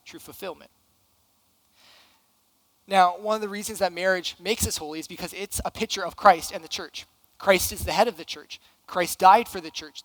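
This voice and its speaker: High-voiced man preaching a sermon. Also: fairly bright tone, no room sound, low-quality recording. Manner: earnest, emphatic preaching with rhetorical questions. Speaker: young adults pastor.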